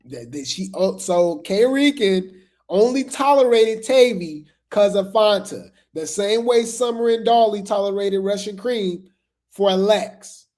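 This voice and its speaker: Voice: medium pitch, lively intonation, a little slow, a little mellow. A host giving casual, gossipy commentary on reality TV drama, chatting straight to viewers and repeating phrases.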